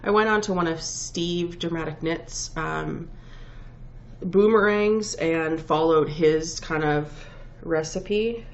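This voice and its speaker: A woman with a low-pitched voice speaks slowly while hosting a casual knitting podcast despite a head cold that has her sniffling. She rambles, corrects herself, and says um a lot as she shows and tells her finished pieces. The home recording is dull and lo-fi, with faint background noise.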